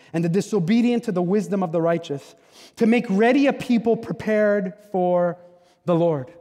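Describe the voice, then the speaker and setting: A middle-aged man preaching a sermon as a guest pastor, talking in a chatty, animated way, acting out the voices he quotes and often repeating his words as he goes. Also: high voice. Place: church sanctuary. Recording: long hall reverb.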